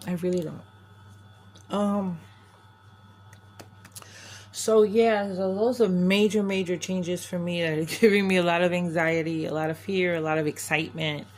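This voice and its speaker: A woman's voice: fairly low pitch, steady tone, a little slow, pauses often. An older woman from New York, a crafting vlogger chatting candidly to camera, rambling and often restarting her sentences. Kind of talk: casual chat to camera.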